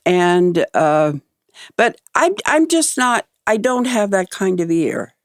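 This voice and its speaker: A woman's voice: medium pitch, big pitch swings, dry recording, clean studio sound. Older woman with a faint Southern lilt. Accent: slight Midwestern Southern. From American Midwest. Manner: unhurried, laughs easily, halting restarts. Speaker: guest. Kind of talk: casual chat.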